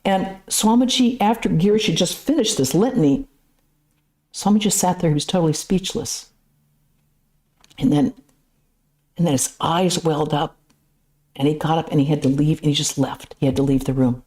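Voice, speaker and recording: A woman's voice: low voice, normal speed, pauses often. A woman, a nun, giving a conversational spiritual lecture at a temple, telling stories with casual asides. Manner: lively storytelling with casual asides.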